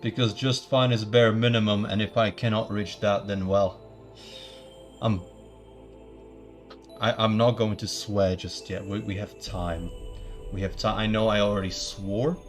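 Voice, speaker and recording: A man's voice: lowish voice, fairly even intonation, a little slow, long pauses, soft background music. A man chatting casually at the start of a live stream, rambling with many stumbling restarts and playful mock-formal asides.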